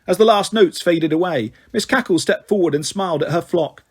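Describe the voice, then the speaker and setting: A man reading a children's story aloud in a steady, friendly way. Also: high voice, a little fast, slightly rough.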